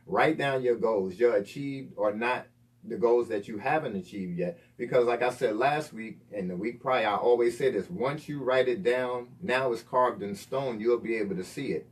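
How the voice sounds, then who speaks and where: Male faith-radio co-host, mid pitch, pep-talk style, sits back from the mic. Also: normal speed, far from the mic. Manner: motivational, repeats himself with fillers.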